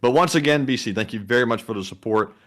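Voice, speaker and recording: A man co-hosting a live stream and reading viewer messages in a relaxed, hesitant way. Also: mid-range voice, fast. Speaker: co-host reading super chats. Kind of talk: casual live-stream chat.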